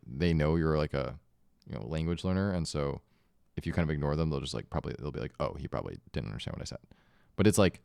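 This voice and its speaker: A man's voice: low voice, vocal fry, a little mellow, smooth, no room sound, clean studio sound. A young man talking casually about learning a language, rambling with many filler words and self-corrections. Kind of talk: casual monologue vlog.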